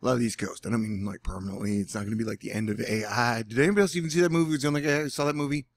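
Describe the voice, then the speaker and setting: Sarcastic, rambling man with a gravelly voice. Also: mid-range voice, fairly even intonation, rapid-fire, no echo, clean studio sound. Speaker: weather vlogger. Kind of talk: casual vlog commentary. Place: indoors at home.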